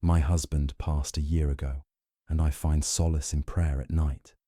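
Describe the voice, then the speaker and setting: A man voicing a dignified widow in mourning who speaks low, quietly and firmly. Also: little pitch movement, moderate pace, no room sound, clean studio sound. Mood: solemn.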